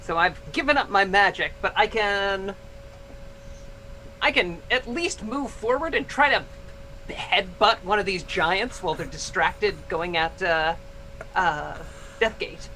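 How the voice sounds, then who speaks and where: A player in a tabletop game, lively and laughing often. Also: medium pitch, unhurried, slight background noise, low-quality recording. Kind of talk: tabletop game role-play.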